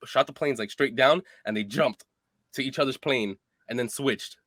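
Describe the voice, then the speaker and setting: A man's voice: mid-range voice, normal speed, a bit bright, no room sound. A man co-hosting a podcast in casual chat, explaining things eagerly. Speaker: podcast co-host.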